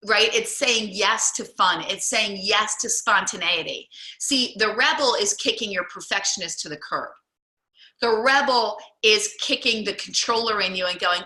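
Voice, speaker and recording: Bright-voiced woman coaching on a group call. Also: mid-range voice, normal speed. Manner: chatty, encouraging, many fillers. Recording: roomy echo.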